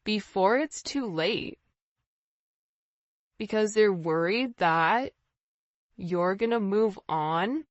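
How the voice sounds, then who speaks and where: Female tarot reader, unhurried and earnest, direct to camera, dry and slightly muffled sound. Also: mid-range voice, dry recording. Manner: intuitive, repetitive, earnest, talks straight to the viewer. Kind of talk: casual tarot reading to camera.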